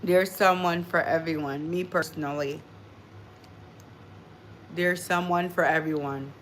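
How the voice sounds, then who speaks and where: Woman streamer, a mother, lowish voice, loose chatty delivery, greets viewers by name. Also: fairly even intonation, a little slow, slight background noise. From born in Jamaica, raised in the United States. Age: adult mother. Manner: chatty, talks straight to viewers by name, restarts words. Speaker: livestream host chatting with viewers. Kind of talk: casual live chat.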